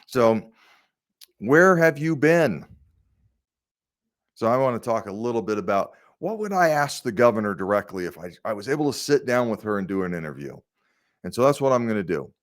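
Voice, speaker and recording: A man's voice: lowish voice, big pitch swings, fast talker. A man hosting his own political commentary show, talking conversationally with rhetorical questions and frequent fillers. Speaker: state senator hosting a political video series. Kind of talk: casual political commentary to camera.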